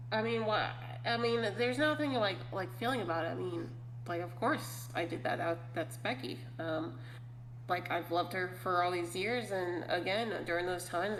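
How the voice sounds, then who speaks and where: A woman's voice: lowish voice, fairly bright tone. A young adult woman chatting casually on a podcast, laughing often and filling her talk with "like" and "I mean.". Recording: roomy with faint hum.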